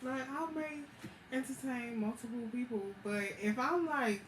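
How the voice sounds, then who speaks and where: A woman's voice: on the high side, measured pace. Slangy young woman telling a story. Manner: slangy, animated, laughs often. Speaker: vlogger. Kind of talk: casual storytime chat. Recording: echoey room with background noise.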